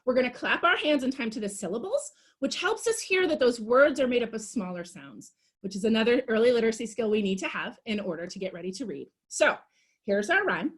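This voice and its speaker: A woman's voice: on the high side, very animated, normal speed, slightly rough. A young woman leading a storytime for toddlers, talking in a sing-song, encouraging way as she does rhymes and shapes with little ones. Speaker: children's librarian.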